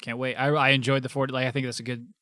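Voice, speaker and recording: A man's voice: medium pitch, flat delivery, rapid-fire, bright, forceful tone, dry recording, studio quality. A man co-hosting a gaming podcast, easygoing and agreeable in casual chat. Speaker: podcast co-host.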